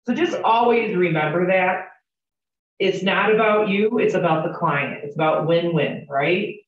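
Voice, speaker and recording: This real estate trainer has a lowish voice and never rushes, chatting frankly with her group of agents, telling anecdotes and posing questions to them. The setting is a training room, captured in a dull, distant, roomy classroom recording.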